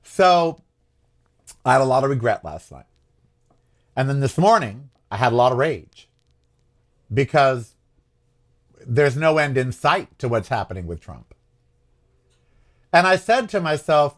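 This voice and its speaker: A man's voice: mid-range voice, big pitch swings, a little slow, pauses often, a bit bright. A man hosting his own show, talking in a rambling, frustrated political monologue that keeps questioning itself. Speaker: host.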